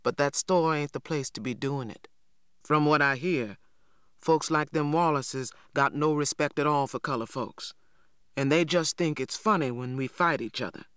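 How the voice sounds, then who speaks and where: A man voicing a large, stern, quiet older farmhand who speaks slowly and low, as a storybook reader. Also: clear, resonant tone, dry recording, clean studio sound, natural voice. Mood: stern calm. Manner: slow, low and measured.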